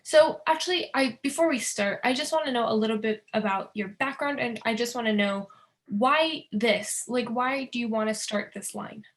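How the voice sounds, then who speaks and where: A woman's voice: fairly high pitch, moderate pace. A woman student taking part in a classroom role-play over a video call, asking brief, friendly questions.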